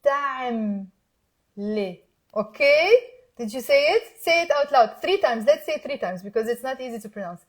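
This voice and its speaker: A Lebanese woman with a high voice teaches her dialect in a live online lesson. She coaxes her viewers to repeat after her and slows down to spell out each word. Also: expressive. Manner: encouraging, coaxing viewers to repeat aloud. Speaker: Arabic teacher.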